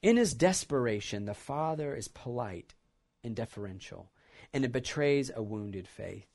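A man's voice: mid-range voice, expressive, normal speed, creaky, a little mellow. A male pastor preaching a sermon, retelling a scripture passage as a story and reflecting on what it means.

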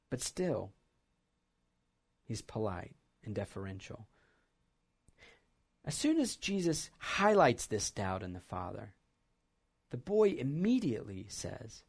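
A male pastor with a lowish voice preaches a sermon, retelling a scripture passage as a story and reflecting on its meaning.

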